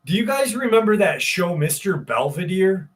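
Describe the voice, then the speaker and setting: A man's voice: sits high, very animated, moderate pace, recorded from a distance. A man hosting a live stream, rambling casually, swearing freely and greeting viewers in the chat. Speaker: livestream host.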